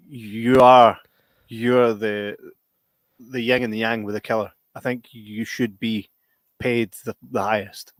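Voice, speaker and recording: A Scottish man with an average-pitched voice, chatting on a podcast in an animated, sweary way. His voice is recorded close and dry, with no room sound. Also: no room sound. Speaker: podcast host. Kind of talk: casual chat.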